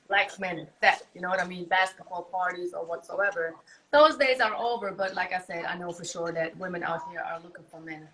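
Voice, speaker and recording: A woman hosting a live stream with her husband, talking in an animated, emphatic way in casual chat. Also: mid-range voice, low-quality recording. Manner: animated and emphatic, acts out her own reactions. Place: Germany.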